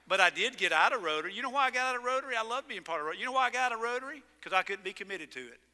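High, bright preaching man in a reverberant sanctuary. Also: racing. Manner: animated storytelling with sudden loud emphasis. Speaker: pastor. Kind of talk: sermon. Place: church sanctuary. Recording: long reverb in a church sanctuary.

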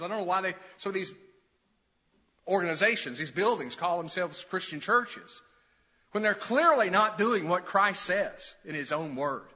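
A man's voice: high-pitched, expressive, moderate pace, pushed and bright. A middle-aged male pastor preaching an expository sermon, emphatic, building in intensity and putting questions to his congregation. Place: church sanctuary. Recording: long reverb of a church hall.

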